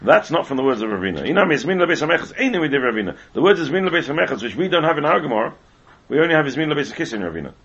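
A man teaching a Talmud class at a brisk clip, often repeating himself as he explains. His voice is gravelly and a little husky. The recording is dull and lo-fi. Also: a little high, very animated, fairly bright tone. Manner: rapid, heavily repeats words while explaining.

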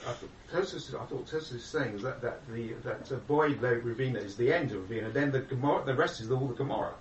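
Halting man asking from across the room. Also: medium pitch, lo-fi sound. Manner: hesitant, halting questions with fillers. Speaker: class participant. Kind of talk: questioning in a class. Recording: roomy, distant from the mic with faint noise.

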